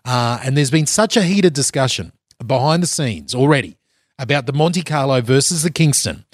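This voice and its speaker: A man's voice: mid-range voice, expressive, normal speed, dry recording, studio quality. A man with an Australian accent hosting a live breakfast radio show from a conference floor, chatty and upbeat with frequent fillers. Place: side hall at a conference venue.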